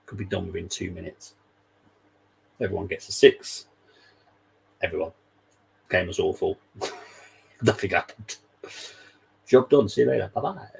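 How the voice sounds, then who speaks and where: A man's voice: low voice, a little slow, gravelly, pauses often, breathy edge, poor audio. A man hosting a live football watchalong, chatting casually and wryly and laughing often. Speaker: fan channel host.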